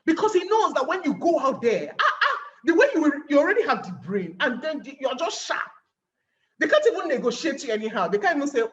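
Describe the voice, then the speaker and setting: Nigerian woman for a webinar talk: animated, plays out scenes, very expressive pitch; muffled lo-fi recording. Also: a little fast. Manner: animated, acting out little scenes and asking rhetorical questions. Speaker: guest speaker.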